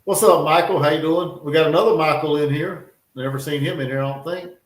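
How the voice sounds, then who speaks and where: A man's voice: fairly high pitch, fairly even intonation, a little fast. A man hosting a live stream, chatting in an easygoing, rambling way. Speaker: stream host. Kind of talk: casual live-stream chat. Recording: roomy, off-mic sound.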